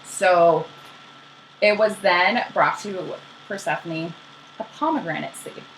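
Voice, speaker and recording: A young woman casually retelling myths as a podcast co-host, slangy and animated, acting out the characters. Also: lowish voice, slow pace, a little hiss or hum, low-quality recording.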